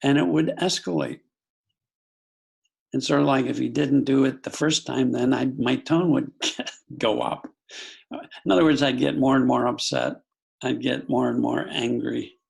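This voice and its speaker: Gravelly, husky older man telling a story. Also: medium pitch, unhurried, long pauses, poor audio. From United States. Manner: calm, earnest, with self-corrections and quoted asides. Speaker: guest psychologist. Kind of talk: reflective storytelling in an interview.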